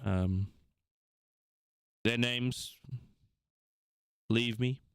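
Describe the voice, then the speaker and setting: A man's voice: medium pitch, fairly even intonation, drawn-out words, clean tone, no room sound, clean studio sound, pitched above the performer's own voice. A man voicing a dismissive male advisor who talks in a bored, formal way.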